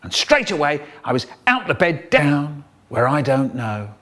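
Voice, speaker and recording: Animated male storyteller. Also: a little high, measured pace. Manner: animated, jumps between voices of family members. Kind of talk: spliced comic storytelling.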